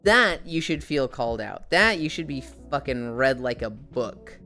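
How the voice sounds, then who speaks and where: Young woman streamer, nasal, low voice with lively pitch, sick, swears casually, sarcastic. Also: unhurried, faint music behind. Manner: sarcastic and swearing, chatting to viewers. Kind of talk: casual live-stream chat.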